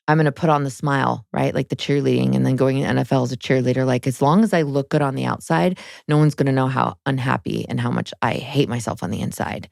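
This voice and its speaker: A woman in her thirties speaks as an interview guest, frank and emotional, with lots of "like" fillers. Her voice has a gravelly, fry-laden edge. The sound is dry and close, with no room around it. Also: rumbling low, a little mellow, no echo. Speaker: guest, spiritual guide. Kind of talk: candid personal interview.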